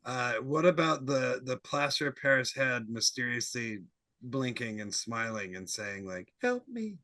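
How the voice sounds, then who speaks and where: A man's voice: mid-range voice, fairly even intonation, sharp tone. A man guesting on a studio podcast, chatting and cracking jokes about a movie. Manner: jokey, quick interjections. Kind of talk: casual chat.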